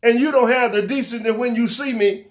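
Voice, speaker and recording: A man's voice: extremely high pitch, a little fast. A man hosting a local talk show, scolding his audience with fervent rhetorical questions in a preacher-like style. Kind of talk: preacher-like call-and-response commentary.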